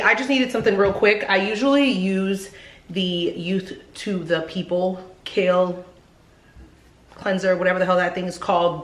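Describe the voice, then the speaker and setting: A woman's voice: lowish voice, fairly bright tone, low-quality recording. A pregnant woman in her thirties, talking candidly to viewers in a slangy, chatty vlog, filmed on a handheld camera in her car and at home. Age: 30s. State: heavily pregnant. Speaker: vlogger.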